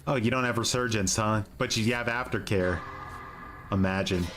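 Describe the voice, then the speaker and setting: A man's voice: lowish voice, normal speed, fairly bright tone, soft background music. A man chatting casually and teasing while streaming a game live, joking around and trying out playful phrases.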